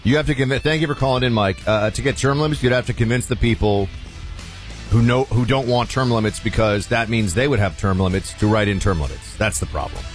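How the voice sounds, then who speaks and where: A man's voice: medium pitch, brisk, faint music behind. A male radio talk host, chatting loosely with fillers as he takes calls.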